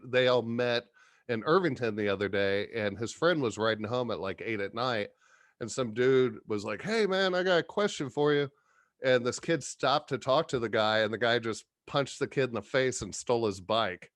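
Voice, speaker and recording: A man's voice: medium pitch, normal speed, a bit bright, no echo, studio quality. A middle-aged man telling rambling, profane stories in casual chat, often laughing as he talks. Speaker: podcast guest.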